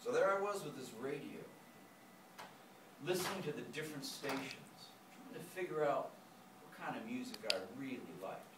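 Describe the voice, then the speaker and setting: A man telling a personal story live, animated and given to imitating animal and singing sounds. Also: medium pitch, normal speed. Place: lecture room. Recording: echoey room, distant mic, background noise.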